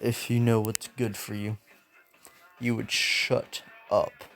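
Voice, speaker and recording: A brash young hero speaks low and slow, as a man puts him on, each word a lazy boast. The voice sits below the storyteller's own and drags with smug confidence. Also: completely flat delivery, a bit bright, faint music behind. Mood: menacing. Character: boastful young male hero, cocky and blunt.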